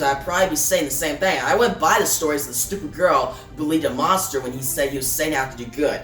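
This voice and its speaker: A man's voice: on the high side, fairly bright tone, natural voice. Tearful young woman villain confessing on video , read by a man in his own voice; roomy, distant sound. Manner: reads quoted lines in a plain voice. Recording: roomy, distant mic, faint music.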